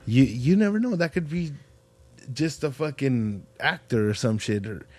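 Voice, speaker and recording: A man's voice: medium pitch, sing-song, normal speed, a little mellow, husky, no room sound. A man hosting a podcast in casual chat, a slangy, profane storyteller who acts out the people he quotes. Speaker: podcast host.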